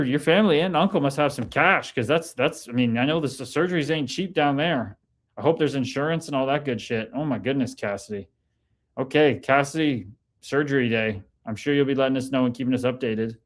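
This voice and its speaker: A man hosts a casual livestream and reads out chat comments. He talks in a loose, excitable way, swears freely and keeps hyping up his viewers. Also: mid-range voice. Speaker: livestream host reading chat.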